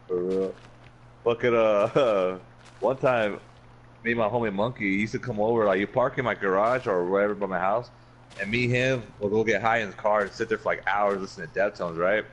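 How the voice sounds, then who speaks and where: Laid-back low-voiced man telling stories. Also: fairly quick, a little hiss or hum, rough recording. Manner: profane, laughing, acts out quoted friends. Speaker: podcast host. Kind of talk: casual chat, storytelling.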